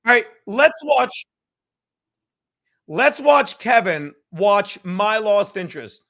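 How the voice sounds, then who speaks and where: A man in his fifties loosely chats on a home livestream, his sharp, sing-song voice high for a man and unhurried. He rambles, drinks, curses freely, and laughs between thoughts, occasionally slipping into a whisper.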